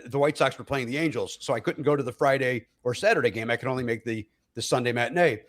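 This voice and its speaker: A middle-aged man, a comedian guest, telling stories in an animated way and acting out other people's voices. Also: medium pitch. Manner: acts out other people's voices, with many fillers and laughs. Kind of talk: animated comic storytelling.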